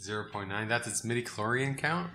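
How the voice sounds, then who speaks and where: A man's voice: mid-range voice, lively intonation, fairly quick, pushed and bright, slight background noise. A man co-hosting a casual chat over a card game, with laid-back, dry, joking remarks. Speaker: podcast co-host.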